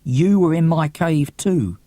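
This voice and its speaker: A man's voice: on the high side, slow, dark tone, no echo, voice pushed up. A man voicing a troubled sixteen-year-old boy who speaks in curt, defensive bursts. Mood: angry.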